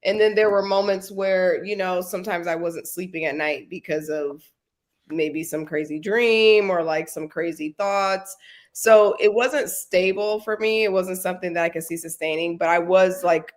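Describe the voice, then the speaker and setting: A woman's voice: on the low side, normal speed. Candid woman on a podcast. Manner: candid, rambling with many fillers. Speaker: podcast guest. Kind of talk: casual chat.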